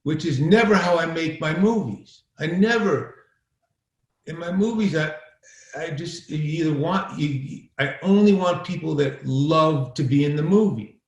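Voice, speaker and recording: A filmmaker appearing as a podcast guest tells casual stories in a rambling, profane way, acting out quoted exchanges. His fairly high voice moves at a measured pace, and the lo-fi recording has a roomy echo.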